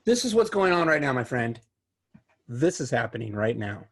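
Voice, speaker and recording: Brief: male podcast co-host, casual, rambling storyteller, average pitch. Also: sing-song, moderate pace. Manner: rambling, chatty, laughs easily. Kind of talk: casual chat.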